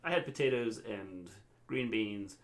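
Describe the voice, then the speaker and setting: An American man from the Midwest co-hosting a casual live-stream chat, joking around and slipping into loud goofy impressions. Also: fairly low pitch, measured pace. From Midwest United States. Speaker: co-host.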